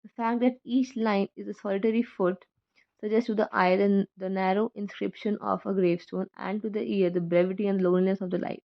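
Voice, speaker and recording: A woman reads a passage on poetic meter aloud at a careful pace, stopping to correct her own slips. Her pitch is middling for a woman. The recording sounds dull and lo-fi. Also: steady tone, a little fast, vocal fry. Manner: careful reading with self-corrections. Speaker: student reader. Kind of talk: reading a poetry textbook aloud.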